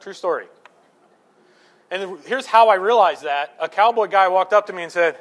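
A middle-aged male pastor preaching a sermon, animated, telling stories and asking the congregation rhetorical questions. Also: sits high, moderate pace, pauses often. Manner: animated storytelling with acted-out quotes and rhetorical questions.

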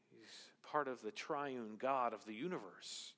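A man preaching a sermon as pastor, emphatic, rising to loud, high exclamations and dropping to quiet, low stretches. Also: measured pace, few pauses. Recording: long reverb of a large hall.

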